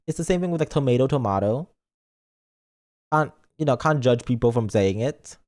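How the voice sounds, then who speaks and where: A man's voice: mid-range voice, expressive, fast, a little mellow. A man streaming and chatting casually in a playful, rambling way, reading chat messages aloud. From lives in Britain, not British.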